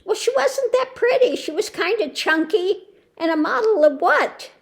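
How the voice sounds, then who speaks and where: Her very high, creaky voice is animated and moves at a moderate pace. She hosts her own tarot channel, talking to camera at home in a loose, rambling way full of restarts and disbelieving exclamations.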